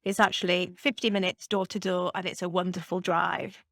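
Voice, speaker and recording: A woman's voice: on the low side, little pitch movement, moderate pace, a bit bright, no room sound, studio quality. A woman with a Geordie accent, a company chief executive answering podcast interview questions in a confident, upbeat, businesslike way. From Newcastle, England. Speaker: brewery chief executive, guest.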